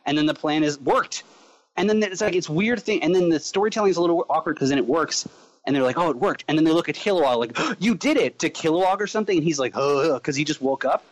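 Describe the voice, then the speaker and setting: Guy rambling fast about a comic on a podcast, kinda high voice, does little character bits. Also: rough recording. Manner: rambling, animated, acts out characters mid-sentence. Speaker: podcast co-host reviewing a comic. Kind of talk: casual podcast chat. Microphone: remote call mic.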